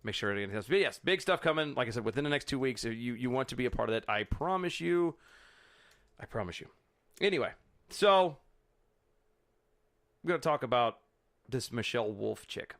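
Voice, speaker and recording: A man's voice: mid-range voice, expressive, a little fast, long pauses, a bit bright. A man co-hosting a casual political podcast, rambling and restarting his sentences. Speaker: podcast co-host.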